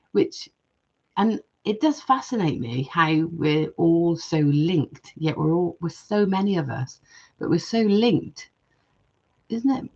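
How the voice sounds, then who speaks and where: Chatty low-voiced woman streaming. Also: dark tone, breathy edge, muffled recording. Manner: chatty, reads viewer comments aloud, frequent restarts. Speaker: jewellery maker hosting a live stream. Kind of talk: casual live-stream chat.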